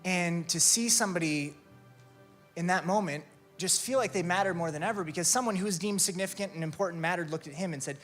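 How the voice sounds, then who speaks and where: A man's voice: sits high, quick pace, faint music behind. A man preaching a sermon, telling stories and asking rhetorical questions. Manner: animated storytelling with rhetorical questions. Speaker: pastor.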